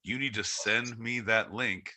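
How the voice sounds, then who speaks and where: Brash, bright-voiced podcast host man. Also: lowish voice, steady tone, unhurried. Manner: loud, rambling, profane joking. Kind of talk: casual live-stream banter.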